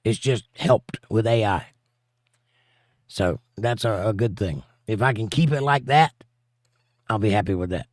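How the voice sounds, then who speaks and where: A man's voice: on the low side, a little slow, pauses often, dry recording, clean studio sound. A man hosting a casual livestream, reading out viewer comments and answering them in an offhand way. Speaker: show host.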